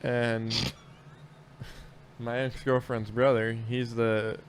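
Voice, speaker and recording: A man's voice: medium pitch, level tone, drawn-out words, a little hiss or hum. A man in casual podcast chat, telling work stories in a rambling, profane way with lots of restarts.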